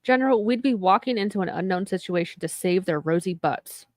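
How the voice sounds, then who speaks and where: A woman's voice: mid-range voice, lively intonation, fairly quick, darkish tone, no echo, clean studio sound, lightly acted. A woman reading a sardonic male colonel's line in her own plain voice, as a podcast script read-through. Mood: wry.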